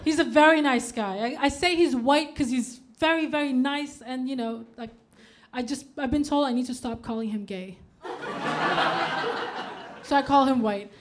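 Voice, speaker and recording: A woman in her thirties from Denmark performing a stand-up comedy set in a club, with deadpan punchlines and animated put-on quotes. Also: high voice, moderate pace, background noise. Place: comedy club stage before a live audience. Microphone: handheld stage microphone. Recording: live club recording, audience laughter clearly heard.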